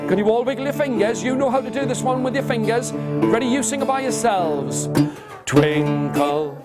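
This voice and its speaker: A man telling an interactive story to nursery children in a classroom, animated and coaxing, getting them to copy his gestures. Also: extremely high pitch, brisk. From England. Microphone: video camera. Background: guitar.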